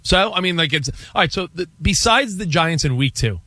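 A man co-hosting a sports radio show, chatting in an animated, excitable way and running through a team's schedule. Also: fairly high pitch, brisk, no echo. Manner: animated, jumps between excited bursts and asides. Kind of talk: casual sports talk banter.

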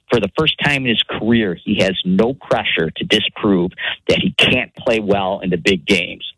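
A man's voice: lowish voice, pushed and bright, breathy edge, no echo, rough recording. A man calling in to a sports radio show, working steadily through a prepared comment. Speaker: caller.

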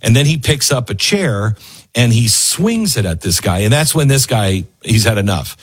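A man delivers opinionated commentary on the news in a husky, slightly breathy voice. His tone is sarcastic, and he slips in and out of the voices of the people he talks about. His pitch sits in the middle range for a man. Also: big pitch swings, normal speed. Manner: sarcastic, acts out quoted people.

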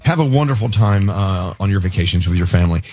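A man's voice: deep voice, lively intonation, fast talker, a little mellow, no room sound. A man hosting a casual radio chat, reacting to his co-hosts and passing the talk along. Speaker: radio host.

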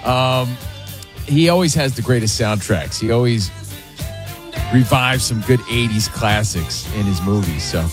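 A man's voice: mid-range voice, a little slow, over music. A man hosting a sports radio show in a studio, bantering with his co-hosts and reading ads with lots of energy. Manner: energetic, reads ads, belts silly impressions.

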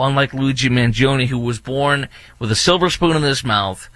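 A man's voice: mid-range voice, sharp tone, no echo. A man hosting an opinionated commentary monologue, indignant and repetitive, with many fillers and restarts. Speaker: political commentary host.

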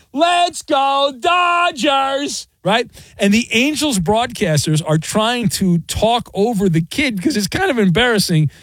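Chatty sports radio guy, high voice that jumps around a lot, dry studio sound. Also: no echo. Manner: opinionated, chatty, animated storytelling. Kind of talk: casual sports talk radio. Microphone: studio microphone.

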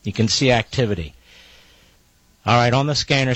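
A man's voice: medium pitch, normal speed, pauses often, fairly bright tone, no room sound, dull audio. A man hosting live talk radio, relaying a police scanner with emphatic, indignant commentary and repeated phrases.

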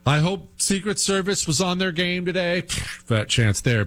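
A man's voice: high voice, expressive, normal speed. Heated man ranting on a talk show. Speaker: host. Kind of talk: political commentary.

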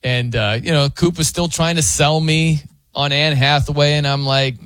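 A man's voice: medium pitch, fairly even intonation, normal speed, fairly bright tone, dry recording, clean studio sound. A man hosting a sports radio show, chatting casually and jokingly with many fillers and restarts. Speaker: sports radio fill-in host. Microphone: studio microphone.

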